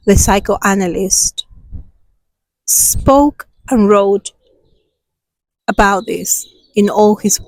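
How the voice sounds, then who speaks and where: A woman's voice: medium pitch, no room sound, rough recording. A woman hosting a self-healing talk, guiding a meditation and then speaking emphatically about inner awareness, recorded outdoors. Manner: slow, soothing and emphatic. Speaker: self-healing channel host. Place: outdoors with passers-by.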